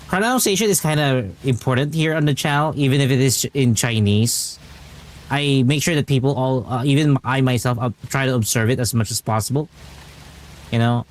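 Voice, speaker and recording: A man streaming a game, chatting casually and explaining at length, with frequent restarts. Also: mid-range voice. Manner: rambling and explanatory, with many restarts. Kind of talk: casual live-stream chat.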